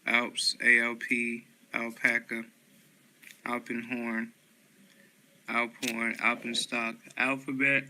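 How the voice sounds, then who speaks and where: A man reading a long list of dictionary words aloud one by one, steady and unhurried, with small slips and corrections. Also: medium pitch, slight background noise, poor audio.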